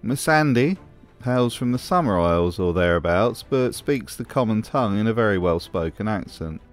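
A man's voice: fairly low pitch, lively intonation, normal speed, faint music behind. A man hosting a scripted commentary video, with a wry, sarcastic manner. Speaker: host.

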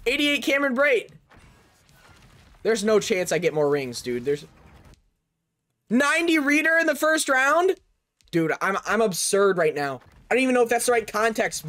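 A young man narrating a video game pack opening, excited and chatty, calling out each card and shouting over big pulls. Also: high voice, moderate pace, pauses often, soft background music. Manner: hyped, shouts over big pulls, says "bro" a lot. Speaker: gaming YouTuber.

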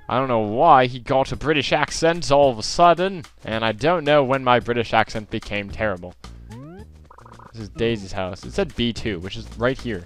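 A man's voice: mid-range voice, normal speed, faint music behind. A man giving casual, jokey let's play commentary over a video game. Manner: jokey, self-mocking.

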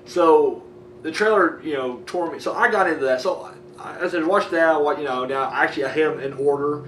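A young man talking about his movie collection in a loose, excitable ramble, swearing a lot and piling up fillers. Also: on the high side, fairly quick, distant mic, a little hiss or hum. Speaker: DVD collection vlogger. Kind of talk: casual profane movie chat. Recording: roomy audio from a camera mic set back.

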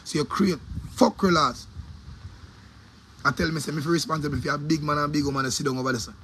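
A man's voice: a little high, fairly even intonation, fast talker, a bit bright, slight background noise. A man with a Jamaican accent, a DJ delivering an angry, profane, repetitive rant about his opinions. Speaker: DJ giving opinions.

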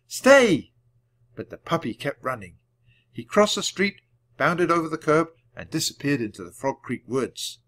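A man reading a children's book aloud at a clear, measured storytelling pace. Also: fairly high pitch, very animated, pushed and bright. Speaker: audiobook reader.

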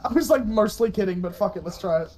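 Casual team shotcaller, noisy chat line. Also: male voice, high voice, expressive, darkish tone. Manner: casual, swearing, giving quick calls.

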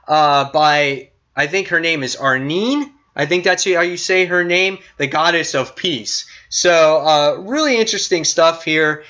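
Excitable man reviewing comics, bright voice. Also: high voice, normal speed, few pauses, dull audio. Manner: excitable, retells scenes with quoted lines, many fillers. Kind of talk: casual spoken review.

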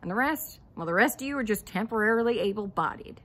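A woman's voice: medium pitch, expressive, fast, a bit bright, slight background noise, pitched above the performer's own voice, natural voice, poor audio. Woman voicing a dry, blunt wheelchair user. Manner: matter-of-fact, dryly teasing. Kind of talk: poetry recitation, talking-blues storytelling.

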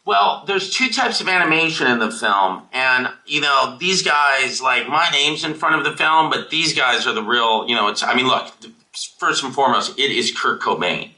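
Over a video call, a male film director fields audience questions, rambling, emotional and swearing casually. His mid-range voice has a sharp tone at normal speed, and the recording quality is low.

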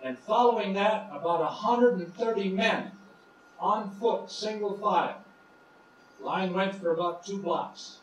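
A middle-aged man telling stand-up jokes on stage, dropping into quick voices for the characters. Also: high voice, a little hiss or hum. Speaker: stand-up comedian. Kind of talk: stand-up comedy set. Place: cruise ship show lounge. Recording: echoey room from far off.

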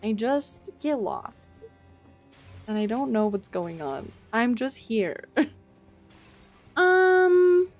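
A woman streaming a game, chatting to her viewers in a flustered, self-mocking way, with loud panicked outbursts and casual swearing. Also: medium pitch, lively intonation, takes it slowly. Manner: swears casually, talks to chat. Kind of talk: casual gameplay commentary. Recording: faint game music behind.

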